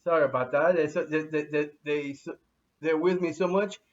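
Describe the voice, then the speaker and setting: A man giving an unscripted how-to demonstration at home with his pets, talking in a halting way with many restarts and fillers. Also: fairly high pitch, fairly even intonation, far from the mic. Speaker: dog owner giving a how-to. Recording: dull lo-fi sound from off mic.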